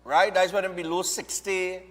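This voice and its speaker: A Trinidadian man hosts a casual chat in a slightly high voice, often checking in with "right?". His voice carries a lingering reverb. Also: flat delivery, moderate pace, a bit bright. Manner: conversational, tags lines with "right?". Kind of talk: casual talk show chat. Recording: reverberant room.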